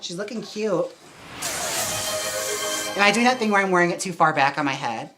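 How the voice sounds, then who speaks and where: A man streaming live as a drag performer and wig stylist, trying on wigs and chatting in a campy way with quick laughing asides. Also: high-pitched, expressive, music in the background. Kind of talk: casual live-stream chat.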